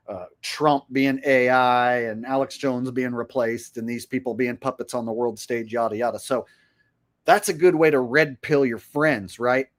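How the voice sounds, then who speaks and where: Swearing, rambling male streamer. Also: medium pitch. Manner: crude, frequent swearing, rambling. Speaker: livestream host. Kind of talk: casual livestream rant.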